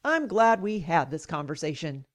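A woman quoting a flat, dismissive male doctor. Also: sits low, normal speed, voice pushed down.

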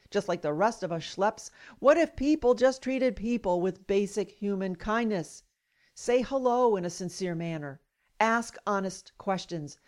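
A woman's voice: medium pitch, darkish tone. Middle-aged female radio host, scripted first-person commentary, indignant and emphatic delivery.

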